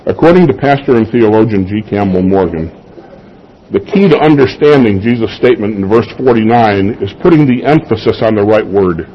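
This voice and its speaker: A man's voice: lowish voice, animated, a little fast. A man preaching a sermon as a pastor, talking in a conversational way and asking the congregation rhetorical questions. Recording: slightly dull lo-fi sound.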